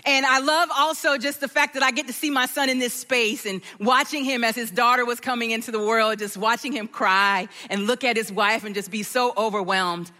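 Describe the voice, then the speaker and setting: A middle-aged woman giving a church talk as guest speaker, telling stories in a playful, expressive way. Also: fairly high pitch, a little fast, hardly any pauses, big-room sound. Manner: warm storytelling, expressive and playful.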